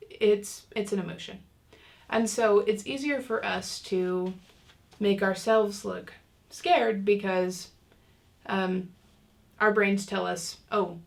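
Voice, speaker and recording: Chatty woman with a creaky voice. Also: mid-range voice. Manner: chatty, with many fillers and restarts. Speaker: parenting class instructor. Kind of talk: casual online lesson.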